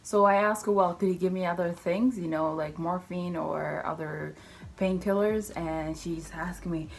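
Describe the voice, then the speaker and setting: Chatty woman with a low voice, telling a story. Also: fairly even intonation, normal speed, creaky, a little hiss or hum. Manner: chatty, acts out the voices of people in her story; English not fully fluent, loose grammar. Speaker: vlogger. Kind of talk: casual storytelling.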